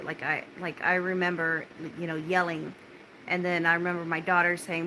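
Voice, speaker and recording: A woman telling viewers about a frightening experience in a halting, repetitive way, with many restarts and blunt swearing. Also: on the low side, flat delivery, sharp tone, a little hiss or hum. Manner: shaken but steadying, talking straight to viewers. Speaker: vlogger recounting a personal ordeal. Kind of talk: casual spoken personal story.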